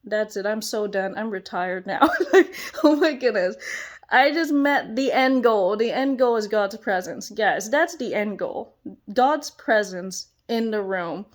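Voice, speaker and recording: A young woman and children's church teacher giving an excited personal testimony, gushing and exclamatory, often breaking into laughter. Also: medium pitch, measured pace.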